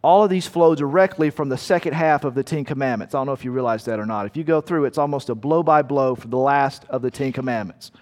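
A man's voice: medium pitch, fast talker, few pauses, a little mellow, long reverb tail. A man preaching a sermon in a conversational way, asking his listeners rhetorical questions. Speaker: pastor.

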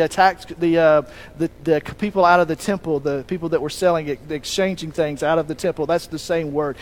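High-voiced man preaching a conversational sermon. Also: poor audio. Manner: conversational, asks rhetorical questions; restarts and self-corrects mid-sentence.

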